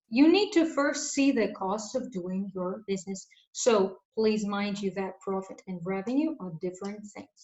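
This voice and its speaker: Woman teacher, clear explanatory delivery; roomy, lo-fi sound. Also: a little high. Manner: clear, explanatory, gives translations. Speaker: English teacher. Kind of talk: vocabulary lesson. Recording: echoey room, dull lo-fi sound.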